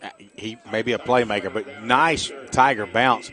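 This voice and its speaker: A middle-aged man giving chatty, folksy color commentary on a high school football game for radio. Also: moderate pace, sharp tone. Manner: folksy, chatty, jokey asides.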